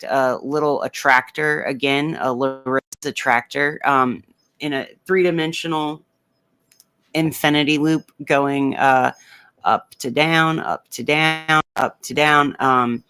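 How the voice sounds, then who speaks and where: A man walks through a weather map in a slow, unhurried delivery. His voice is bright and smooth, and it sits a little higher than most men's. He sounds close to a dry microphone, rambling playfully and filling gaps with ums. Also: no room sound. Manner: rambling and playful, with many fillers. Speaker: comedic weather host. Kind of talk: casual livestream weather commentary.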